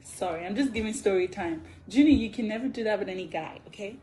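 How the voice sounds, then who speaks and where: A woman casually telling a story on a phone livestream, chatty and animated, laughing often. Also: medium pitch, quick pace, a little hiss or hum. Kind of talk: casual live story time.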